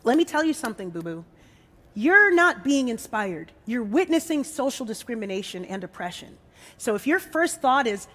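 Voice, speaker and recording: A woman's voice: fairly high pitch, big pitch swings, moderate pace, a bit bright. A woman musician giving a bold, sassy, joking speech from a stage. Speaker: musician and disability advocate. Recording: live hall with long reverb.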